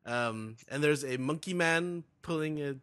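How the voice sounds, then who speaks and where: A man's voice: on the high side, unhurried, fairly bright tone. A man hosting a podcast, reading aloud and chatting casually with fillers. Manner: reads aloud animatedly, with fillers. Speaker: podcast host. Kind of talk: casual recap chat.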